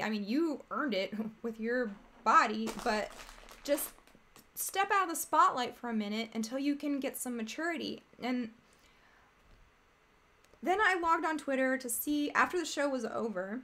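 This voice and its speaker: A woman's voice: high-pitched, expressive, moderate pace, bright, forceful tone. A woman hosting a casual commentary stream, talking in a rambling, exasperated, chatty way. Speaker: streamer host.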